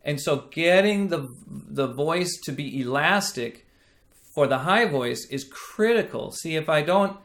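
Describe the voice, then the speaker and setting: A male voice teacher with a bright, forward tone, a little higher than most men. He talks slowly and deliberately, checking in with "right?" as he explains. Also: expressive. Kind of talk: singing lesson with sung demonstrations.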